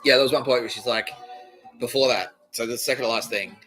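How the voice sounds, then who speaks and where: A man's voice: mid-range voice, fast, fairly bright tone, rough recording. A man hosting his own podcast, telling a rambling, profane story with agitated energy and frequent laughter. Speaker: podcast host. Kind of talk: rambling solo comedy monologue. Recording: music playing clearly behind.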